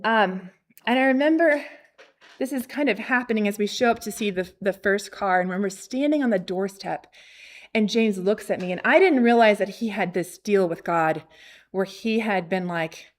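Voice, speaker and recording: Thirtyish woman telling a faith story to a church ladies group, lively, acts out the voices, lots of ums. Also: medium pitch, normal speed. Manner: animated, acts out quoted voices, frequent fillers. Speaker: missionary speaking at a ladies' ministry. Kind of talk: casual storytelling testimony.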